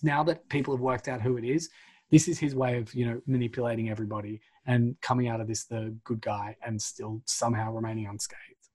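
Chatty man with a husky voice. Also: medium pitch, fairly even intonation, brisk, darkish tone. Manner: chatty, filler-heavy, swears freely. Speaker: podcast co-host. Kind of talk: casual retelling of a film plot.

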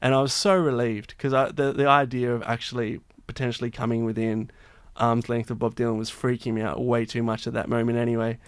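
A man's voice: medium pitch, little pitch movement, brisk, clear, resonant tone, no echo, clean studio sound. A man, a singer-songwriter telling a long backstage story in casual chat, full of restarts and fillers. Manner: rambling, many restarts and fillers.

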